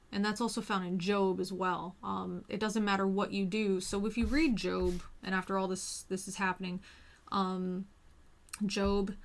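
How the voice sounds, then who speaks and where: A woman's voice: medium pitch, gravelly, fairly bright tone. Rambling, chatty woman host. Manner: rambling, with frequent restarts and fillers. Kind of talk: casual chat.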